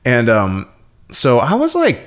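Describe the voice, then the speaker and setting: A man's voice: mid-range voice, huge pitch swings, slow pace, a bit bright. A young man in casual podcast chat, rambling, swearing a lot and laughing often.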